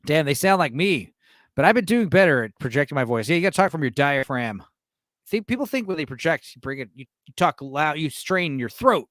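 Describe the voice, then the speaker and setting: A Texan man in his late thirties rambles casually on his own stream, swearing, chuckling, and restarting often amid plenty of fillers. His fairly high voice is sing-song and fairly bright, and he talks fast, captured in clean studio sound with no echo.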